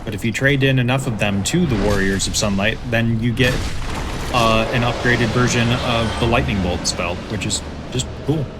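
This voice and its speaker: Man giving relaxed gameplay commentary. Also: mid-range voice, normal speed, background noise. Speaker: host, let's play commentator.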